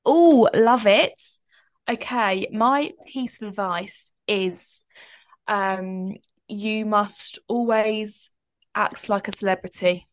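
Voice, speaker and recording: A woman's voice: medium pitch, slow. A young woman co-hosting a podcast, chatting casually in a bubbly way and laughing often. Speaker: podcast co-host. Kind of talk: casual chat.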